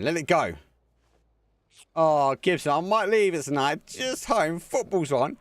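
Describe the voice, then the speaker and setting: Lively, chatty man casting esports. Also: fairly high pitch, a little slow, no room sound. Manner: chatty, excitable, talks to viewers. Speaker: esports caster. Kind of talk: live community game commentary.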